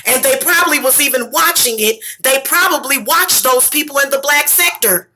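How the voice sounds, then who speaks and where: Bright-voiced angry woman ranting. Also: high voice, moderate pace. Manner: profane, heated venting with bursts of shouting. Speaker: vlogger.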